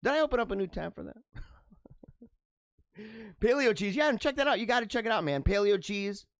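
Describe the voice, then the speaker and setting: A man hosting a show, reading out news items and joking about them in loose, animated asides with frequent laughs. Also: sits high, a little fast, dry recording. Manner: animated, laughs and riffs between read-aloud headlines. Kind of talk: casual commentary on news items.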